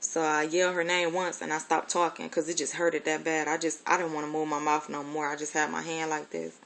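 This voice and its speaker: A woman's voice: sits low, level tone, brisk, vocal fry, fairly bright tone, a little hiss or hum. A grown woman telling a personal childhood story in a casual, rambling way, candid and profane with many fillers. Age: adult.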